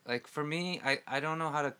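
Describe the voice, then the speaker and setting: A man's voice: fairly high pitch, brisk, clear, resonant tone. A man who performs music and comedy, talking casually and animatedly, often restarting sentences. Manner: animated, laughing, trailing off mid-sentence. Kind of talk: casual chat.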